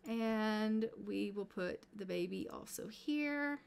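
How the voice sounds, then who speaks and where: A woman's voice: medium pitch, animated, takes it slowly, gravelly, a little hiss or hum. A woman casually commenting on her life-sim gameplay, chatting to her characters as she plays. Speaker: gameplay streamer.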